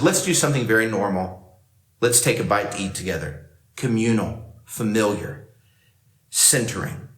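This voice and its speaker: A man preaching a sermon to a camera for online worship, talking in a conversational way and acting out the lines he quotes. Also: mid-range voice. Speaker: pastor. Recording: roomy echo.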